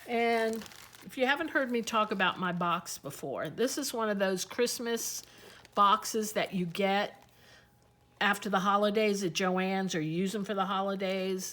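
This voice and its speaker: A woman's voice: medium pitch, fairly bright tone. A woman hosting a casual crafting tutorial, chatting and thinking aloud as she talks through each step.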